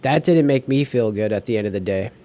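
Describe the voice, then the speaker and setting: A man's voice: lowish voice, lively intonation, brisk, mellow. Rambling man in casual podcast chat. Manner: rambling, many fillers and restarts. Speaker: podcast co-host.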